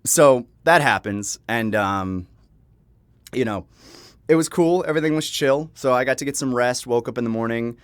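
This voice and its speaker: A man's voice: medium pitch, moderate pace, clean tone, dry recording. A young man telling a personal story in a casual vlog, rambling with frequent laughs and restarts, swearing now and then. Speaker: vlogger. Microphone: home microphone.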